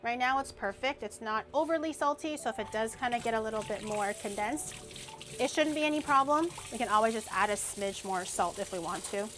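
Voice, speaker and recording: A young woman streamer chatting casually and rambling as she cooks, with loud playful outbursts. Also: on the high side, a little fast, background noise. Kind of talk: casual cooking stream chat.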